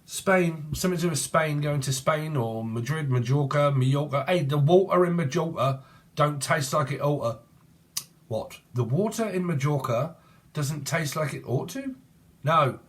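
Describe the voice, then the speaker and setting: A man's voice: fairly high pitch, animated, normal speed. A man, giving a rambling, casual tarot reading and free-associating while swearing freely. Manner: free-associating, swears, breaks into song snatches. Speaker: tarot reader.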